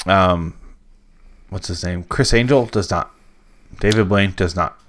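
A man's voice: low-pitched, a little slow, fairly bright tone. A man co-hosting a casual late-night podcast chat, ranting with lots of swearing and acted-out quotes. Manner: profane, ranting, acts out quotes. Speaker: podcast co-host.

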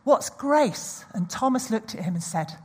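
Husky-voiced woman preaching. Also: a little high, a little slow. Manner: animated storytelling with audience asides. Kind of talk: sermon.

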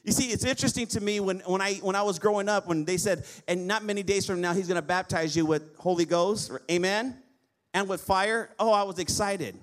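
A male pastor preaching a lively sermon, often asking the congregation for an amen. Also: high-pitched, fairly quick. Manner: lively preaching with call-and-response amens.

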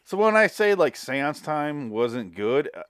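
A man's voice: a little high, big pitch swings, unhurried, clear, resonant tone, no echo, studio quality. A man co-hosting a podcast in casual chat, rambling, swearing casually and laughing often. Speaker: podcast co-host.

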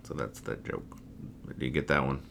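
Host, male, very low pitch, bright forceful tone, wry rambling comic-strip chatter. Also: flat delivery, normal speed, vocal fry, slight background noise. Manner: wry, rambling, trails off quietly after jokes. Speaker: podcast host reading comics. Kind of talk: casual comic-strip reading chat.

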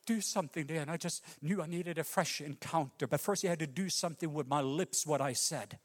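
A Norwegian man preaching a sermon with passion, rising to loud cries and dropping to hushed lines. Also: fairly high pitch, fairly quick, long reverb tail. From Norway. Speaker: pastor.

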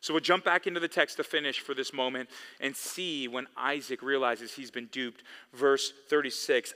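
A man's voice: mid-range voice, steady tone, normal speed, hardly any pauses, sharp tone. A man preaching a sermon as pastor, emphatic and repeating key phrases for weight. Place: church sanctuary. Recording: long echo of a big hall.

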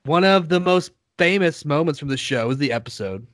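A man's voice: fairly high pitch, expressive, brisk, dry recording. Casual swearing man with dry sound. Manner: rambling, swears, restarts with laughs. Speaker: podcast co-host. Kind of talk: casual chat, recapping a TV show.

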